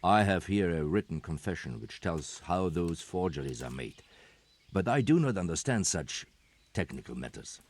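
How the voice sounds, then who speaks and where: An actor playing a guarded, secretive soldier, speaking in measured, formal video game dialogue. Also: male voice, low voice, lively intonation. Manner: measured, formal, stiff old-fashioned phrasing.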